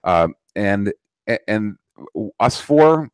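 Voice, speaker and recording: A man's voice: fairly low pitch, expressive, extremely slow, clean tone, dry recording. A man in his thirties hosting a podcast, talking in a profane, rambling way with many restarts. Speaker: podcast host. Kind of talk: casual political chat.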